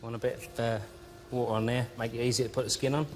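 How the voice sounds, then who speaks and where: A man's voice: mid-range voice, flat delivery, quick pace. Matter-of-fact sausage-making demonstrator man. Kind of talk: cooking demonstration. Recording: noisy TV studio.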